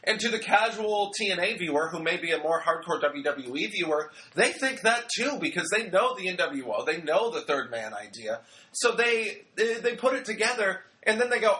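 Bright, chatty young man recapping wrestling. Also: high voice, big pitch swings, moderate pace, slight background noise. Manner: chatty, rambling, joking, acts out quotes. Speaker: wrestling show reviewer. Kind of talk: casual recap commentary.

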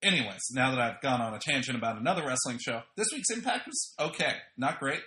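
Talking fast with lively intonation, a man reviews wrestling on his podcast in a casual, opinionated monologue full of slang and fillers. His mid-range voice is pushed and bright, and the recording is reverberant.

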